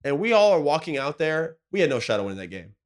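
A man's voice: a little high, big pitch swings, fast talker. Man telling an emotional story, slangy. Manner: emotional storytelling, slangy and profane, full of "like" and "bro". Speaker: podcast co-host, former pro basketball player. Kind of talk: casual podcast chat.

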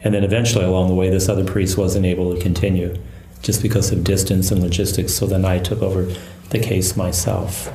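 Low gravelly priest in an echoey room. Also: male voice, a little hiss or hum. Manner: calm, measured storytelling. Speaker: Catholic priest and exorcist. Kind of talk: recounting a case in an interview.

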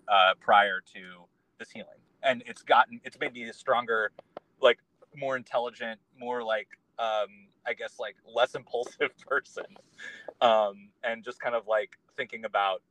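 A man speaks at an ordinary pitch, neither high nor low, as a podcast guest in relaxed conversation. He tells his story earnestly and lets it wander as he goes, in a close, dry-sounding room. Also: dry recording, poor audio. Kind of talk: casual conversation.

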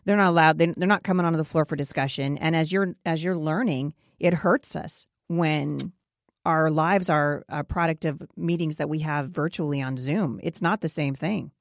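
Woman doing an interview, pushy opinionated questions, lowish voice, dry close sound. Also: moderate pace, no room sound. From Pacific Northwest, USA. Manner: emphatic, opinionated, asks probing questions. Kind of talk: conversational interview.

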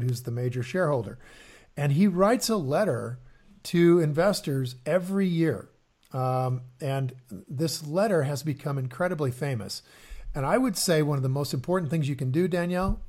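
A man's voice: mid-range voice, darkish tone. A man co-hosting an investing podcast in casual chat, often repeating words and using fillers as he explains. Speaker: podcast co-host.

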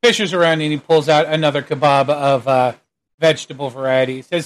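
A man narrating a tabletop game as game master, relaxed, with frequent hesitant fillers. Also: on the high side, fairly quick.

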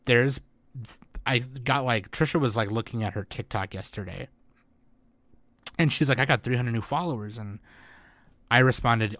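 A man's voice: medium pitch, moderate pace, pauses often, fairly bright tone, no echo. A man hosting a podcast, giving a heartfelt, rambling update to his listeners while close to tears, with frequent restarts and casual swearing. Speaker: podcast host. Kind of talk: emotional solo update to listeners.

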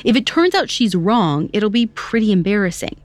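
A woman's voice: mid-range voice, big pitch swings, moderate pace, no room sound. A woman hosting a podcast, telling a story in scripted narration with conversational, lightly wry asides. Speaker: podcast host.

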